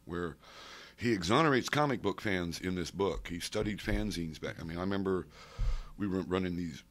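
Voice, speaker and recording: A man's voice: low voice, moderate pace. A man in his sixties, being interviewed, telling rambling oral-history stories full of digressions and asides. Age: 60s. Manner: digressive, with many asides and restarts. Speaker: interviewee, comics fan and collector. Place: convention center interview room.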